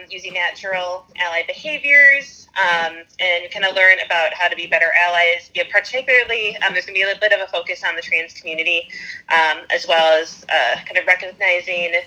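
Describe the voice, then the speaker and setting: A woman's voice: fairly low pitch, a little fast, bright, forceful tone, rough recording. A woman activist organizer enthusiastically laying out upcoming events, with frequent "um" and "uh". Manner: enthusiastic, explains plans with "um" and "uh". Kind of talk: casual chat.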